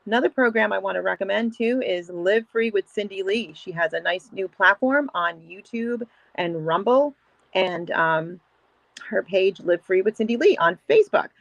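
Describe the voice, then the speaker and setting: A woman hosting an interview show, asking questions in a drawn-out way with fillers. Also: mid-range voice, vocal fry, a bit bright, dry recording. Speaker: show host. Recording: dry, dull lo-fi audio.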